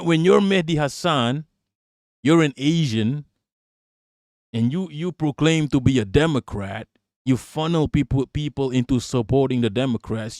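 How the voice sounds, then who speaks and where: A man's voice: medium pitch, dry recording, clean studio sound. A man live-streaming as host, reacting to political clips in heated, profane commentary and repeating lines for emphasis.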